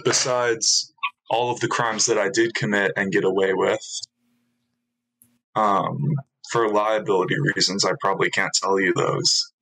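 A man's voice: on the low side, fairly even intonation, measured pace, sharp tone, rough recording. A young man chatting casually in an interview, rambling and self-mocking, filling gaps with ums and little laughs.

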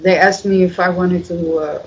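A guest talks loosely through an interview, halting often and swearing freely. The voice sits at a middling pitch. The recording is dull and lo-fi. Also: fairly even intonation. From Netherlands. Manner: rambling, halting, many fillers, swears freely. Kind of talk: casual storytelling.

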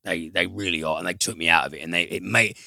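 A man's voice: low-pitched, steady tone, quick pace, vocal fry, pushed and bright, no echo. A man reviewing a film in casual chat, rambling and profane, with frequent fillers and restarts.

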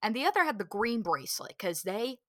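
A woman's voice: on the high side, brisk, no room sound, studio quality. A woman co-hosting a casual chat podcast, telling stories and acting out voices. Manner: animated storyteller, acts out voices in anecdotes. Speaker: podcast co-host.

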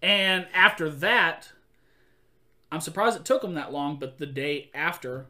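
A man hosts a casual podcast chat with a bright, clear tone and a voice a bit higher than most men's. He tells stories animatedly, acting out quotes and laughing often. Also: unhurried.

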